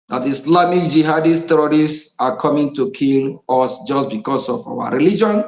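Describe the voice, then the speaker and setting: Man, activist speaker, gravelly, impassioned, echoey room. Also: fairly high pitch, normal speed, hardly any pauses. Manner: impassioned, repetitive, bursts of laughter. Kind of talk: impassioned political speech.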